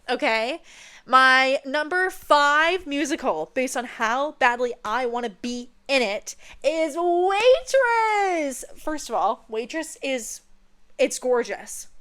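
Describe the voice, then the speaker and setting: A woman's voice: sits high, fairly bright tone, smooth. A young woman chatting playfully while seated, often checking in with "okay?". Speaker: vlogger. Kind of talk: casual chat.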